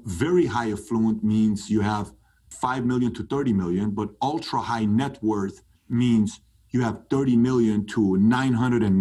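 A man talking as a podcast guest, emphatic and animated, pitch climbing when he gets fired up. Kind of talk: animated interview talk.

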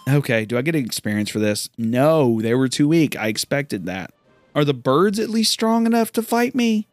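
A man's voice: mid-range voice, sing-song, moderate pace, dry recording, faint music behind. A man giving casual, rambling commentary while playing a video game, often incredulous at what happens. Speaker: gamer. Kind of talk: let's play commentary.

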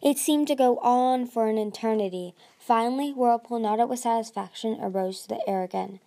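A woman's voice: a little high, moderate pace, dark tone. A woman narrating a fantasy novel aloud, reading steadily with occasional slips and restarts.

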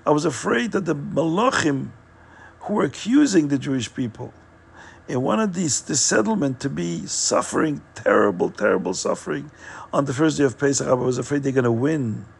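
A man's voice: a little high, expressive, moderate pace, creaky, husky, heavily acted. A man voicing a revered rabbi who earnestly explains his fears, close to his own voice. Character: revered older rabbi recounting his worry.

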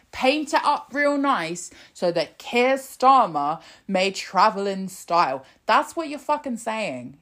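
A woman's voice: medium pitch, a bit bright. A woman hosting a political podcast in casual, sarcastic commentary, swearing freely and laughing at her own tangents.

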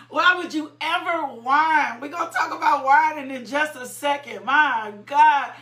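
A woman preaching a sermon, slow and fervent, repeating her phrases, praying aloud and breaking into high cries and laughter. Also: roomy sound, noisy background.

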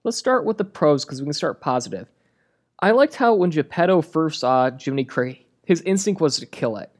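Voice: medium pitch, expressive, fairly quick. A movie reviewer delivering a comedic rant in a sarcastic, crude and exasperated way.

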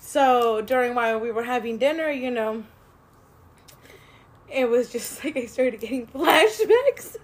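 A woman's voice: a little high, animated, a little slow. A woman hosting a casual podcast chat, hesitant and filler-heavy, breaking into laughter often. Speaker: podcast host.

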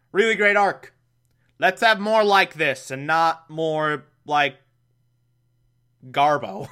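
A man's voice: fairly high pitch, sharp tone, smooth. A man hosting a podcast, recapping an episode in a casual, chatty way, laughing often and adding mocking asides. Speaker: podcast host.

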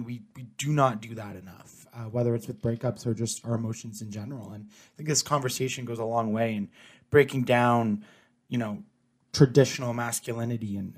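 A man's voice: mid-range voice, darkish tone, no room sound. Upbeat Canadian podcast host man. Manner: upbeat, chatty, lots of fillers. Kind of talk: podcast intro and interview.

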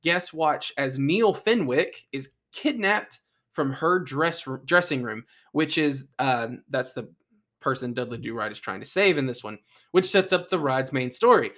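A man's voice: medium pitch, expressive, a little slow, fairly bright tone. A man co-hosting a casual podcast, reading facts aloud and breaking off into jokes and asides. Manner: reads ride facts then jokes and asides. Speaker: podcast co-host. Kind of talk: casual chat.

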